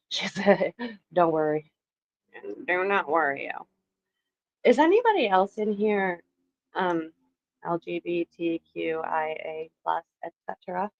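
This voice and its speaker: A woman's voice: lowish voice, lively intonation, slow pace, long pauses, highs cut off. A Canadian woman in her thirties chatting casually with viewers on a live stream, rambling, laughing often and swearing now and then. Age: 30s.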